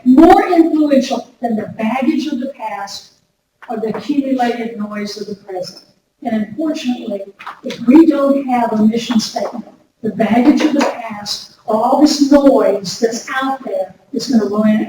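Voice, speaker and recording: A woman giving a lively workshop talk to an audience, chatty and direct, often repeating her words. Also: fairly high pitch. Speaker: workshop speaker. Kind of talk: lively workplace wellness talk. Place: large room before an audience. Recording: echoey hall recorded from far off with noise.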